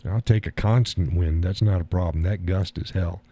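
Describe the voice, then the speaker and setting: A man's voice: sits low, fairly even intonation, normal speed, dark tone, husky, highs cut off. Folksy, laid-back man. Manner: folksy, swears casually, laughs often. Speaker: live stream host reading chat. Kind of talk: casual chat.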